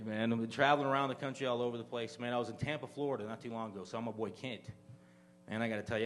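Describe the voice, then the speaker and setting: A young male comedian performs stand-up in a small live venue, doing loose, conversational crowd work and asking the audience questions. His medium-pitched voice has a fairly bright tone, with slight background noise.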